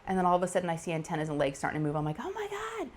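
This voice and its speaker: Crafting host, woman, middle-aged, lively chatty storyteller who does the voices. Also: low voice, rapid-fire, a little hiss or hum. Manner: animated, laughing, acts out quoted voices. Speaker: diamond painting channel host. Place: home craft table.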